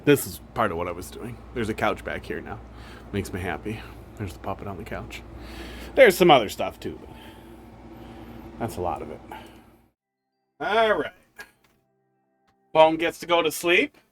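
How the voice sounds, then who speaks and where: A man's voice: lowish voice, sing-song, moderate pace, pauses often, soft background music. A man streamer chatting casually, teasing his pets and laughing often. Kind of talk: casual chat.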